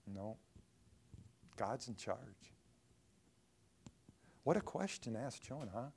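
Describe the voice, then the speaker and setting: A man's voice: mid-range voice, lively intonation, takes it slowly, vocal fry, darkish tone, slight background noise. Man preaching with dramatic swings. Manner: dramatic, acts out quoted pleas in a raised voice. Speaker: pastor. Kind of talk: sermon.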